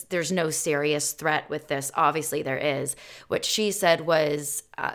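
A woman co-hosting a casual podcast, talking at length in a low voice with a gravelly fry. She laughs easily and retells what friends told her in a loose, chatty way. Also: a bit bright. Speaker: podcast co-host. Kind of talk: casual chat.

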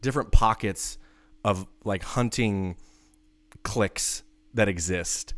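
Male podcast host, low voice, dry close sound, relaxed chatty manner. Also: slow pace, dry recording. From northern Idaho, United States. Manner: relaxed, friendly, filler-heavy. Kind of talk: casual conversation.

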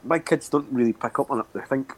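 Middle-aged Scottish man, relaxed podcast host, salty language, does little impressions of others. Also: medium pitch, fast talker, breathy edge. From Scotland. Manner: swears freely, acts out quotes. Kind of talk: casual chat.

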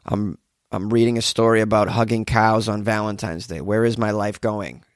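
A hungover man hosting a podcast, reading odd news stories with rambling, sarcastic commentary and low energy. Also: steady tone, normal speed, no echo, studio quality. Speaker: podcast host.

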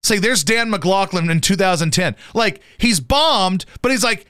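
A man hosting a radio show, chatting casually about sports in a profane, animated way and jumping into high yelps to mimic people. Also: measured pace, no room sound, clean studio sound. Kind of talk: casual sports talk banter.

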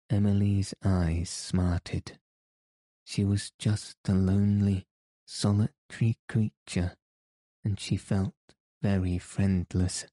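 Slow, deep-voiced man narrating. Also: no echo. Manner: measured, even reading. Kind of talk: audiobook narration.

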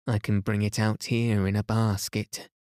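A man's voice: lowish voice, flat delivery, measured pace, a little mellow, no echo, studio quality, close to an everyday voice. A man voicing a sly practical boy who speaks in an offhand, casual way.

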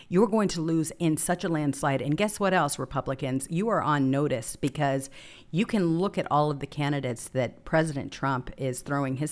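A woman hosting a political talk show, giving sarcastic, emphatic opinion commentary. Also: low-pitched.

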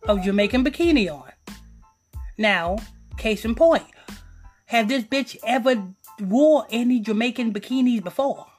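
Woman, podcast host, profane rant, rambling, preachy, fairly high voice, faint music behind. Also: lively intonation, measured pace, darkish tone, husky.

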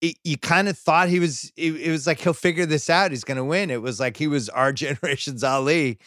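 A man's voice: fairly high pitch, fairly quick, a bit bright, no echo, studio quality. A man guesting on a sports podcast, talking conversationally with emphatic asides. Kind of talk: casual sports chat.

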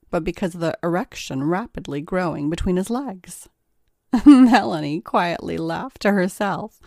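A woman narrating an adult audio story in a measured, even reading voice. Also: fairly low pitch, no room sound, studio quality. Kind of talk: scripted erotic story narration.

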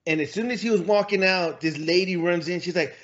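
A man telling an animated story on a casual podcast, acting out what people said. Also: sits high, brisk, slight background noise. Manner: animated storyteller, acts out quotes. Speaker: podcast co-host. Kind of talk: casual chat. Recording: dull lo-fi recording.

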